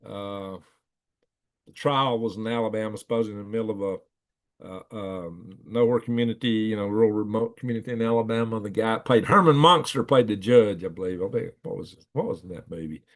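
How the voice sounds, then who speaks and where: A man's voice: fairly low pitch, fairly quick. Man hosting a live stream, middle-aged, rambling yarn-teller who chuckles and acts out the voices in his stories. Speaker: livestream host. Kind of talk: casual storytelling to live chat.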